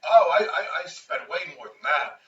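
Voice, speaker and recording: A stubborn, know-it-all builder client, as a man puts him on while telling the story. He sounds sharp and bright, pushes back with insistence, and comes across distant in an echoey room. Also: fairly high pitch, sing-song, moderate pace, muffled recording. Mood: insistent.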